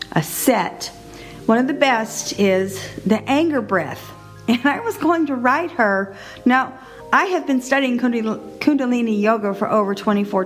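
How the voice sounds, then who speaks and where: A middle-aged woman hosting her own podcast, talking in a chatty, animated way and laughing often. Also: fairly high pitch. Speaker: podcast host. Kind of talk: casual solo podcast monologue.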